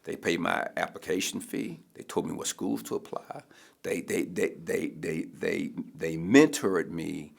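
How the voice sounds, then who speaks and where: Deep gravelly emphatic man from Baltimore. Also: measured pace. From Baltimore, USA. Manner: emphatic, preacherly, repeats and restarts words. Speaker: mayoral candidate, guest. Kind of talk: personal storytelling in a conversation.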